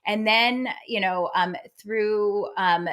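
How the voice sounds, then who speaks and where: A woman's voice: mid-range voice, takes it slowly, fairly bright tone. A woman who is a guest medium, chatting cheerfully with many filler words and frequent laughs. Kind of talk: casual interview chat.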